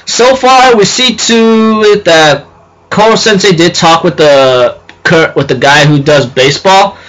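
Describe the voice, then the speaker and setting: A man's voice: high voice, a bit bright, low-quality recording. A young man casually reviewing an anime episode, rambling, restarting sentences and laughing often.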